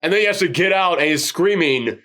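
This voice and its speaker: A man co-hosting a film review podcast, talking in excited casual chat, swinging between loud outbursts and low voices when he quotes characters. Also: fairly quick.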